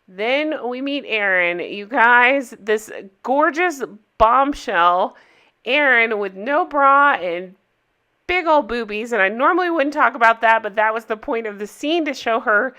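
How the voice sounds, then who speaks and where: A woman hosting a casual recap, chatting in a gossipy, opinionated way with quick asides. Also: on the high side, animated, pushed and bright, clean tone. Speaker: recap host.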